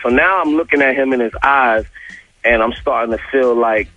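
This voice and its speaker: Animated man retelling a story on the radio. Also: medium pitch, normal speed, no echo. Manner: animated retelling, acting out both sides of the exchange. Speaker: radio interview guest. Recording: dull lo-fi radio audio.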